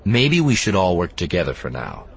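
A man voicing a calm, measured male Jedi hero in a quiet, low voice. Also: a little hiss or hum.

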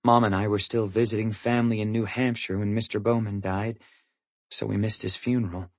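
A man reading a first-person audiobook, in a measured, somber manner. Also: on the low side, little pitch movement, no room sound. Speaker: audiobook narrator.

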